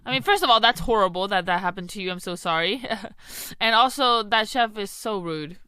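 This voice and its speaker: A woman's voice: mid-range voice, a little fast, sharp tone, smooth, dry recording. A woman hosting a podcast, chatting casually with a caller and responding with short, sympathetic remarks. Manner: sympathetic, brief reactions. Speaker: podcast host. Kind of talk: casual chat.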